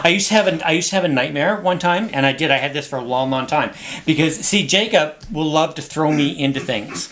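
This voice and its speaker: A man's voice: a little high, brisk, a bit bright, slight background noise. A man co-hosting a podcast, telling rambling stories in casual chat. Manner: chatty storyteller, rambling. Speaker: podcast co-host.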